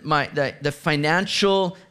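A man preaching a sermon as pastor, animated, moving from hushed asides to excited exclamations. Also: a little high, unhurried, smooth.

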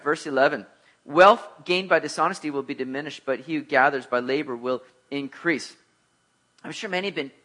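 Bright-voiced man preaching a sermon. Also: on the high side. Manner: conversational, joking, rising to emphatic exhortation. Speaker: pastor.

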